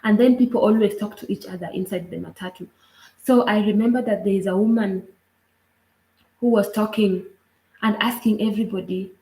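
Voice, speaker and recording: A woman with a Kenyan accent telling a personal story earnestly, in a halting way with frequent asides. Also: medium pitch, fairly even intonation, mellow. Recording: roomy echo.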